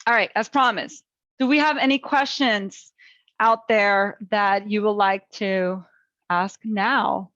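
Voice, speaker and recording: A woman's voice: medium pitch, steady tone, takes it slowly, fairly bright tone, no room sound, highs cut off. A woman presenting an online webinar on parenting and resilience, talking in an encouraging, chatty way with many fillers.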